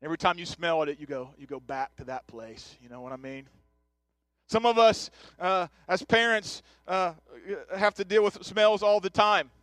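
A man's voice: high voice, normal speed, fairly bright tone, no room sound, soft background music. A man in his thirties preaching a conversational sermon, joking and chatting straight to his congregation. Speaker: pastor. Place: church sanctuary.

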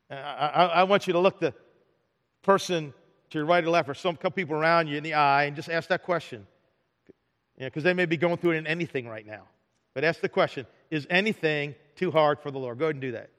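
A man's voice: a little high, moderate pace. A man preaching a sermon to a congregation, joking and asking them questions. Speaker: pastor. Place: large hall with a congregation. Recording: long reverb of a large hall.

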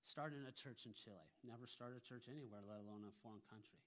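A man's voice: medium pitch, fast. A pastor preaching a sermon, emphatic, often putting rhetorical questions to his congregation.

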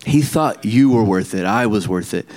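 A middle-aged man preaching a sermon in a conversational way, with frequent restarts and quick asides to the congregation. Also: on the low side, lively intonation, darkish tone. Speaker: pastor.

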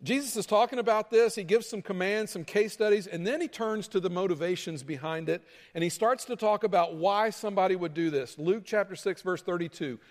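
In a large, reverberant church hall, a high-voiced man preaches a sermon conversationally, talking a little fast with hardly any pauses. He's a pastor who now and then acts out heated fights, raising his pitch to make the point land.

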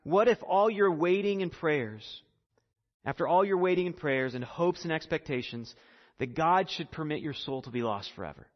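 A man's voice: a little high, expressive, moderate pace, close to an everyday voice. Young skeptic, probing and challenging; male preacher reading the part, dull sound with hall reverb. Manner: challenging, questioning. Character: doubting young village man, probing.

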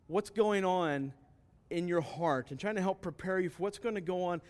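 A man's voice: high voice, normal speed. A man pastor preaching a sermon, earnest and emphatic, often asking rhetorical questions and answering them.

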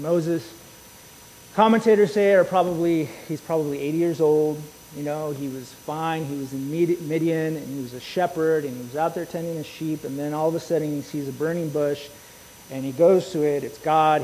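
Male pastor, slightly higher voice with a mellow tone, chatty and animated, recorded in a big reverberant hall. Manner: conversational, animated preaching with dramatized paraphrases. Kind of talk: sermon. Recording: long hall reverb with faint hiss.

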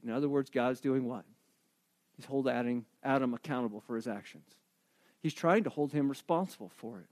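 A man preaching a sermon with animated storytelling, emphatic delivery and rhetorical questions. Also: mid-range voice, brisk. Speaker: pastor.

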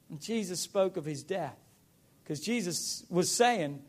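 High voiced guy preaching, gets loud and emphatic. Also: expressive, moderate pace. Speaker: pastor. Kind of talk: sermon.

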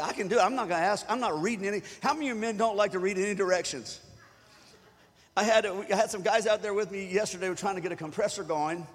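High-voiced preacher in a reverberant church. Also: male voice, fast, husky. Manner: conversational preaching that builds to shouted calls for the congregation. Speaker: pastor. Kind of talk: sermon. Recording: long hall reverb.

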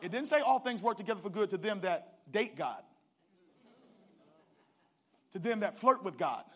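A man preaching a sermon, calling out to the congregation and swinging from hushed asides to shouted climaxes. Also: high-pitched, animated, a little fast, slightly rough. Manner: calls out to the congregation.

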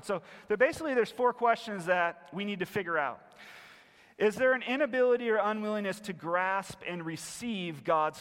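A man teaching a sermon in an earnest, emphatic way, repeating key phrases and moving between loud and quiet. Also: fairly high pitch. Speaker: preacher and biblical counselor. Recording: long hall reverb.

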